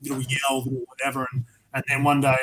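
An Australian man of average pitch talks as a guest on a podcast. He tells loose, rambling stories, swears often and restarts his sentences. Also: monotone, quick pace, noisy background. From Tasmania, Australia. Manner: profane, rambling anecdotes with many restarts. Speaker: podcast guest, metal vocalist. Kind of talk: casual storytelling interview.

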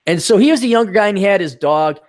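Blunt, animated male podcast host. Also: sits high, fast talker. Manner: blunt, profane, animated anecdotes. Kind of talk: casual chat, storytelling.

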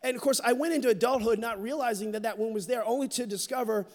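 A middle-aged man preaching a sermon in a church, telling a personal story with candor and dropping to a hush at tender moments. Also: extremely high pitch, fast, few pauses. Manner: candid, storytelling, drops to a hush for quoted moments. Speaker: pastor. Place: church sanctuary. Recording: long hall reverb.

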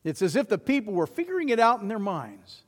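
Pastor with a higher voice in a reverberant hall. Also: male voice, huge pitch swings, brisk. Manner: swells to loud emphatic declarations, then drops quiet. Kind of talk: sermon.

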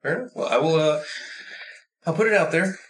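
A man's voice: fairly high pitch, animated, fairly quick, a bit bright. A man guest on a comedy podcast who speaks hesitantly with many "uh"s.

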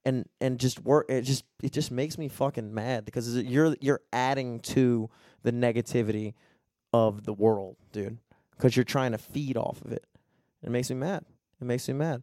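A young man, chatting casually as a podcast co-host and telling stories in a profane, animated way. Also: mid-range voice, normal speed, dry recording, clean studio sound. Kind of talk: casual chat.

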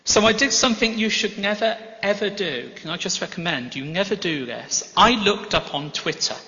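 Bright-voiced man preaching in a reverberant church. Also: high voice, lively intonation, normal speed, gravelly. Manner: gentle storytelling, self-deprecating humor. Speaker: guest preacher. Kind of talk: sermon. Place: large church sanctuary. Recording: reverberant church hall, slightly muffled.

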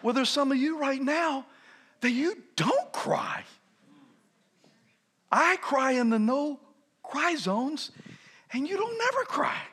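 Bright-voiced high-pitched preacher man in his fifties. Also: slow, long pauses. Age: 50s. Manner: animated storytelling, often shouting with laughter. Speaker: pastor. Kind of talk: energetic sermon.

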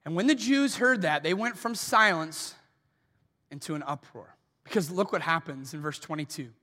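A man preaching a sermon as pastor, telling a story in an animated way and acting out the quoted voices. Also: a little high, moderate pace. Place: church auditorium. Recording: long reverb of a large hall.

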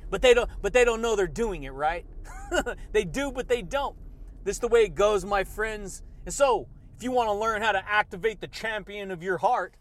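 A man's voice: sits high, a bit bright. A man hosting a motivational podcast, hyped and repetitive, calling his listeners buddy and baby. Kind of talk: fired-up motivational monologue.

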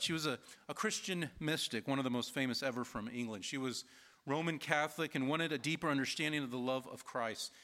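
A man preaching an earnest sermon, taking his time and leaning on key phrases. His voice sits a little high and sounds bright and forward. He tells stories in a steady, deliberate way. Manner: measured, earnest preaching, slowing for emphasis. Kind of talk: sermon with storytelling.

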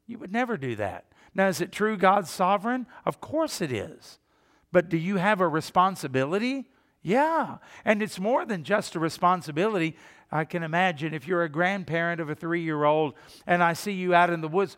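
A man's voice: high voice, expressive, normal speed, fairly bright tone, in a large hall. An older man, a pastor, preaching a conversational sermon, asking the congregation questions and putting on mock voices. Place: church sanctuary.

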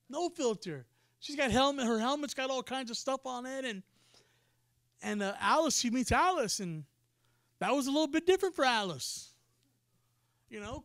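A man preaching, telling a story in an animated way and acting out the people in it. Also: very high-pitched, dry recording, studio quality. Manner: animated storyteller, acts out quoted voices. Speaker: pastor. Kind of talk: sermon storytelling.

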